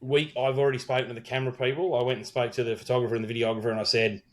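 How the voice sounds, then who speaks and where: Rapid-fire and with little pitch movement, this mid-range voice belongs to a middle-aged Australian wedding celebrant co-hosting a podcast. He tells a rambling, profane story in casual chat, quoting lots of dialogue.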